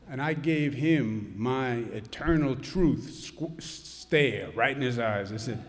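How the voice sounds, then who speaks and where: A middle-aged man giving an animated, humorous speech to a church congregation. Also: medium pitch, slow, hardly any pauses, a little hiss or hum. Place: large church. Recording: long echo of a church hall.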